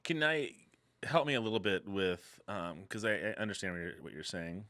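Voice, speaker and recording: A man with a lowish voice adds short replies and questions during a casual podcast chat. The recording is close and dry, with no room sound. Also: normal speed, pushed and bright, no room sound. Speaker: podcast co-host.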